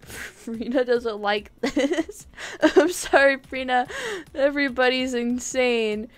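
High-voiced, giggly woman livestreamer. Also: unhurried. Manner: giggly, excitable, often shouting and apologizing. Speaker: gaming livestreamer. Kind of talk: live gameplay chatter.

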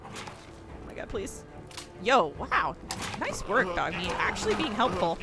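A young woman giving excitable let's play commentary, swearing often and yelping at the screen. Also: medium pitch, moderate pace, gravelly, music in the background. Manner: excitable, swears a lot, yelps and shouts at the screen. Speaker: gaming streamer.

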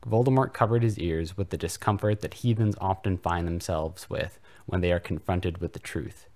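A man reading a comedic fanfiction aloud for a podcast in a mock-serious deadpan style. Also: low-pitched, normal speed. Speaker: podcast reader.

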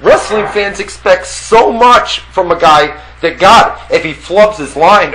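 A man's voice: high-pitched, a little slow, few pauses, slight background noise, poor audio. A man co-hosting a casual wrestling talk show, defending his view and reading out listener questions. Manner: lively, defends others, reads listener questions. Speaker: radio show co-host.

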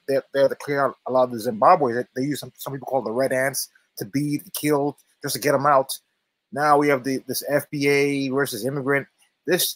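A man's voice: medium pitch, no room sound. Insistent man, dry close sound. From Jamaica. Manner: earnest, insistent, repeats words as he pushes a point. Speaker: podcast panelist. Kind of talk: casual panel discussion.

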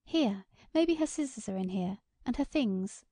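A woman voicing a rural farm wife who rises into high, excited cries. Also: unhurried, dry recording. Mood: fond.

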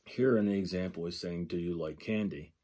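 A sign language instructor with a low, dark voice lectures a little fast. He works through a textbook page by page, thinking aloud and repeating example phrases.

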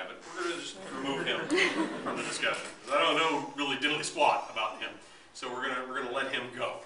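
Animated, bright-voiced male lecturer in an echoey hall. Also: fairly high pitch. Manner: animated, joking, acts out voices of both sides. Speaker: history lecturer. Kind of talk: public lecture. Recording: echoey hall, mic from a distance, faint room noise.

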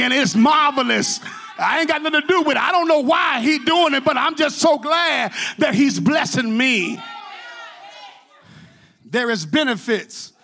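A male pastor preaching a sermon in a church, shouting in rhythmic, repeated phrases. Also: very high voice. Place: church sanctuary.

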